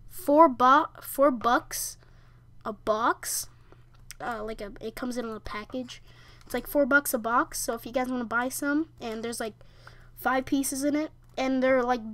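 Young woman, high bright voice, unhurried rambling game commentary with lots of fillers. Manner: rambling, halting with fillers and restarts. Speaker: gamer. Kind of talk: casual gameplay commentary.

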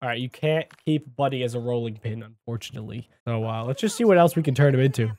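A man giving jokey, excitable let's-play commentary as a gaming YouTuber, talking to the character on screen. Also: medium pitch, fast.

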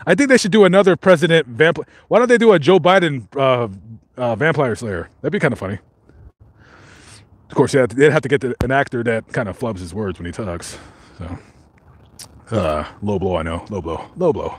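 A man's voice: mid-range voice, animated, moderate pace. A man hosting a live stream, reading out viewer comments and joking in a rambling way with many fillers and restarts.

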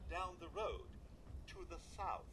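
An actor playing a wasteland settler man in a video game, giving plain directions in a husky voice. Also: high voice, big pitch swings, unhurried, a bit bright, exaggerated voice. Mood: matter-of-fact. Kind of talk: game dialogue.

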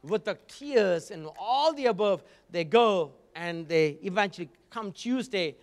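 A man's voice: high voice, animated, unhurried, few pauses, big-room sound. A man preaching a sermon, telling a story with frequent asides. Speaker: guest preacher.

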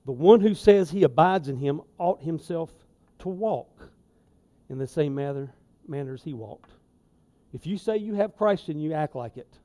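A man preaching a sermon in a church, folksy and conversational, with emphatic asides and swings in loudness. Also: on the high side, lively intonation, moderate pace. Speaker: lay preacher. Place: church sanctuary.

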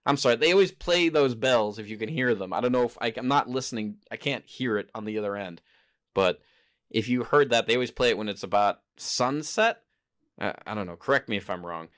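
A man's voice: medium pitch, lively intonation, a little fast, fairly bright tone. A man hosting a casual solo podcast, rambling and hesitant, often stopping to correct himself. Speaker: podcast host. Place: home in Japan.

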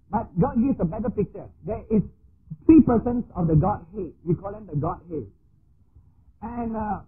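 High-voiced man preaching, tinny recording. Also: breathy edge. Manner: slow deliberate teaching with repeated examples. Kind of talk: sermon. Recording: tinny phone-like archive recording with faint hiss.

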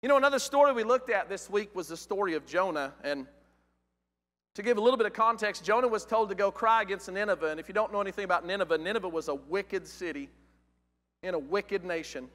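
A man preaching a sermon in a church, animated, asking the congregation rhetorical questions. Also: high-pitched, fast talker. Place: church auditorium. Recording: long hall reverb.

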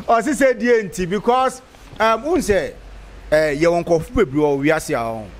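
A man's voice: sits high, animated, a little slow, slight background noise. A man in a street interview, talking conversationally with frequent restarts.

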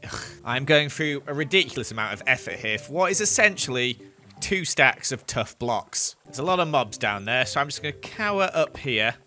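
A man's voice: medium pitch, bright, forceful tone. A man giving casual, playful commentary over his own gameplay as a gaming video host. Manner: chatty, playful, jokey. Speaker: gaming youtuber.

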